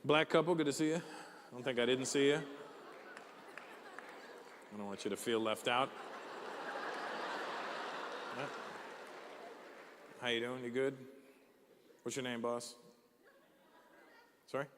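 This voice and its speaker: A man's voice: medium pitch, a little slow, pauses often, big-room sound, noisy background. A male stand-up comedian from Canada doing crowd work on stage, firing teasing, profane questions at the audience.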